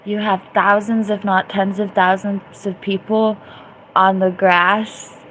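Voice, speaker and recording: A woman's voice: medium pitch, flat delivery, takes it slowly, a little hiss or hum, low-quality recording. A woman hosting a live stream, chatting casually, reacting to viewer comments and often laughing. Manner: chatty, giggly, reacting loudly to chat. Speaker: livestream host and DJ.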